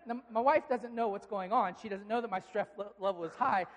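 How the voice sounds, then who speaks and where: A male pastor giving a sermon, telling a story with lively, animated delivery. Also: sits high, fairly quick. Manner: animated storytelling, shouting quoted outbursts. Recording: long hall reverb.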